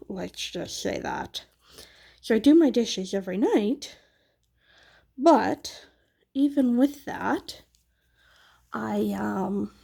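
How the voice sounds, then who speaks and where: Craft vlogger lady just chatting, low mellow voice, kinda husky, rambly and honest. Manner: rambling, candid, self-deprecating. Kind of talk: casual chat while crafting.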